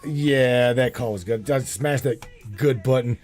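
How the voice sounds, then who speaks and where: A man hosting a call-in show, chatting casually, slangy and quick to laugh. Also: medium pitch, darkish tone, faint music behind. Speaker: show host.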